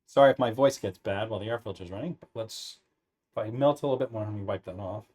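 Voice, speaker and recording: A man teaching a hands-on demonstration in a relaxed way, thinking aloud as he works and often checking in with "right?". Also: on the low side, fast. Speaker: instructor. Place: workbench with an air filter running.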